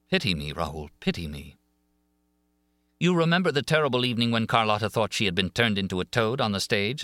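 A male reader voices a young woman singer telling of her haunting in a classic audiobook. She sounds earnest and pleading, and her feeling rises and falls widely, sometimes climbing high. The voice sits low and dry, close to the mic. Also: a bit bright, no echo. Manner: emotive, rising and falling with feeling. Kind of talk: audiobook reading of a classic novel.

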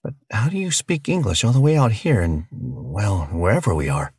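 A man's voice: fairly low pitch, expressive, moderate pace, darkish tone, slightly rough, dry recording, studio quality, voice pushed up. A man playing a bewildered, sarcastic captive. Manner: sarcastic, cursing.

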